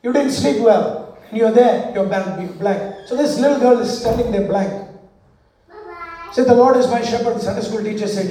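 A man's voice: sits high, moderate pace, mellow. A man preaching a sermon, leading the congregation in call-and-response and telling stories. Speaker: pastor. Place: large church hall. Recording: echoey hall, voice from far off.

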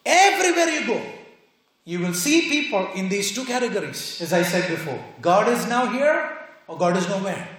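A man's voice: sits high, sing-song, normal speed, fairly bright tone. A man preaching a sermon, emphatic and fond of repeated rhetorical questions. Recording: very echoey hall.

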